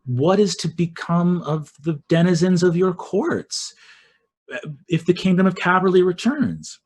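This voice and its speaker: A man's voice: high voice, lively intonation, a little slow, a little mellow. A man voicing a worried, earnest mortal king and queen in a tabletop game, asking a pleading question.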